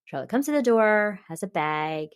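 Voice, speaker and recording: A woman's voice: medium pitch, expressive, moderate pace, clear, resonant tone. A woman co-hosting a podcast, recapping a TV episode in casual chat and reading quotes from her notes. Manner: reads quotes from notes, chatty, laughs often. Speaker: podcast co-host.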